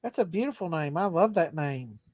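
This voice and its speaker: A woman's voice: low voice, animated, brisk, a little mellow, no room sound, clean studio sound. A woman hosting a casual livestream, chatting folksy with viewers and singing to them. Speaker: livestream host reading chat. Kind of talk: casual live chat.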